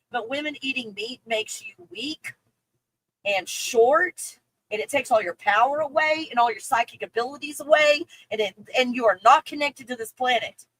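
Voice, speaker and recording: A woman's voice: a little high, a bit bright, dry recording, poor audio. A woman hosting a casual livestream, reading viewer comments and ranting with lots of swearing and laughter. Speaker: livestream host.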